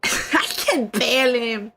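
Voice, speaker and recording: A woman's voice: a little high, a little slow, sharp tone. A young adult woman from Switzerland with a Swiss German accent, chatting casually on stream, laughing often and swearing freely. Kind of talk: casual chat.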